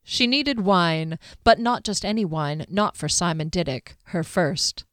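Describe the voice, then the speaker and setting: A woman narrates a fantasy novel in a measured, even manner. Her voice sits fairly low. The recording is dry and close, with no room sound. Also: no echo. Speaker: audiobook narrator.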